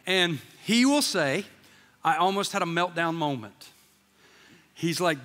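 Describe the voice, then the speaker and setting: Animated pastor in his fifties, echoing hall. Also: high voice, unhurried. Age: 50s. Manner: candid storytelling, acting out quoted dialogue. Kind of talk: sermon. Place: church sanctuary.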